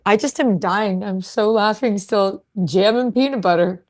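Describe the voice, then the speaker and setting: A woman's voice: mid-range voice, unhurried, darkish tone. A woman co-hosting a live call-in show, giggly and teasing in her banter. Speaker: show co-host.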